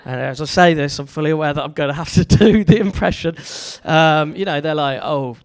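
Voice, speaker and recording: A man's voice: on the high side, brisk, clear, resonant tone. A man with an English accent doing a live stand-up comedy set, rambling and self-deprecating, full of fillers and restarts. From England.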